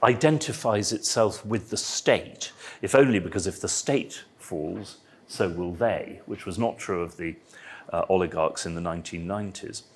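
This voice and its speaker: A man speaking at an academic roundtable, halting and digressive, with dry asides. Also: low voice, husky. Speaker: roundtable panelist. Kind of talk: academic panel discussion. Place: symposium panel.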